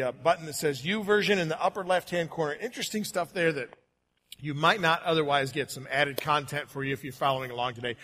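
A man preaching a sermon to his church congregation in a friendly, joking way, slowing down for emphasis. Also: fairly high pitch, sharp tone.

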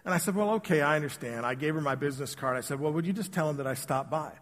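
A man's voice: fairly high pitch, very fast, a bit bright. Man preaching in a reverberant church. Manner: casual, joking, addresses the congregation directly. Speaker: pastor. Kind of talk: conversational sermon with storytelling. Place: church sanctuary.

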